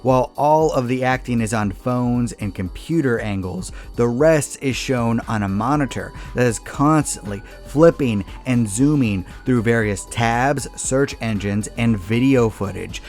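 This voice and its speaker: A man's voice: medium pitch, measured pace, few pauses, a little mellow, soft background music. Sarcastic man narrating a movie review. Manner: sarcastic, exasperated critique. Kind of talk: scripted comedic review narration.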